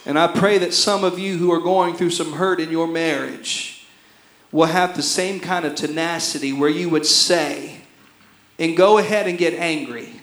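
High-voiced impassioned preaching man. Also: steady tone, unhurried, echoey room. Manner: impassioned preaching, swings from shouting to hushed. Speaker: pastor. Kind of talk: sermon.

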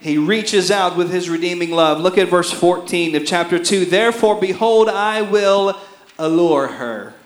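Preacher, man, high voice, echoey room, impassioned sermon delivery. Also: unhurried. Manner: impassioned preaching, swings from shouting to hushed. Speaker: pastor.

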